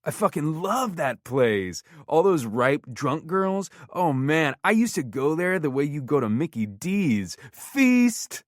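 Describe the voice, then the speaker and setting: A man putting on a loud, cocky comedian. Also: on the high side, big pitch swings, takes it slowly, hardly any pauses, no echo, studio quality, voice pushed up. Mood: swaggering. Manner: cocky, crude, bragging. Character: brash loud male celebrity comedian.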